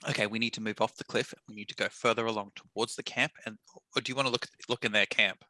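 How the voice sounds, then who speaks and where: A man playing a tabletop game who jokes around and reacts quickly to the others. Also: fairly low pitch, steady tone, sharp tone, no echo. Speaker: player.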